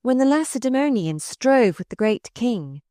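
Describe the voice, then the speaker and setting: A woman's voice: a little high, sing-song, normal speed, mellow, no room sound, studio quality, voice pushed up. A woman reading aloud voices a pious, spirited young noblewoman who pleads with fervent conviction.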